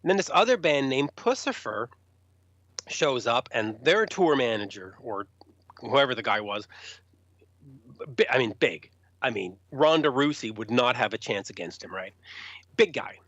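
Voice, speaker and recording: Pausing often and keeping a measured pace, this man, a rock journalist, tells stories in a casual way. He gets animated, voicing the characters loudly, in a mid-range voice captured on a dull, dry, lo-fi recording.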